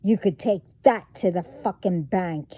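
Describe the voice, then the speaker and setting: A woman's voice: on the low side, measured pace, mellow, no room sound. A woman vlogger delivering a profane, confrontational rant straight to her viewers. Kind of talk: angry rant to camera.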